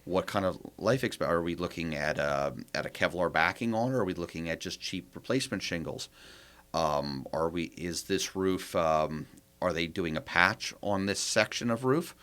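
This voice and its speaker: A man's voice: low voice, moderate pace, fairly bright tone. A man, a property manager guest on a podcast, explaining his process in a casual interview, walking through rhetorical questions one after another.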